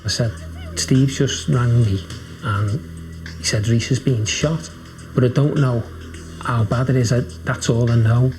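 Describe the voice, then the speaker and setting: A man's voice: mid-range voice, steady tone, a little slow. Male coach, tense recollection, music underneath. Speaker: football coach. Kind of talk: documentary interview recollection.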